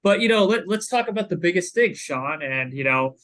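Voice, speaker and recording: On a sports podcast, a male co-host talks casually and chattily, filling his speech with lots of "you know." His voice is high-pitched, expressive, and fairly bright, his pace is brisk, and the audio quality is poor.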